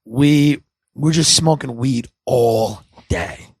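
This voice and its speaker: A man hosting a podcast, telling rambling stories in casual chat, animated and laughing, slipping into silly voices for his friends. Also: medium pitch, slow, slightly rough, no echo. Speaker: podcast host.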